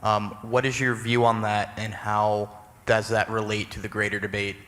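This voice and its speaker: A man's voice: lowish voice, little pitch movement, moderate pace, a bit bright. A man in the audience at a lecture, asking a question in a hesitant way. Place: lecture hall. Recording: long hall reverb.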